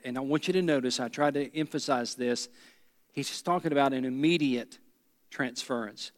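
A man's voice: mid-range voice, normal speed, big-room sound. A pastor preaching a sermon, a man who drives points home by repeating key phrases.

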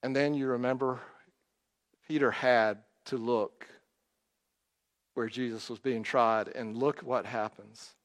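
A man's voice: mid-range voice, fairly even intonation, takes it slowly, long pauses. Man preaching in a reverberant hall. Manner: storytelling, acts out quotes, rises and drops in volume. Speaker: pastor. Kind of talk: sermon.

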